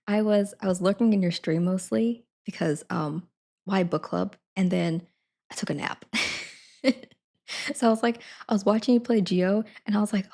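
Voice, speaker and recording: A woman's voice: medium pitch, unhurried, gravelly, pauses often, a little mellow. A young woman streaming live from her desk at home, chatting to viewers in a rambling way and laughing often. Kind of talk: casual chat to viewers.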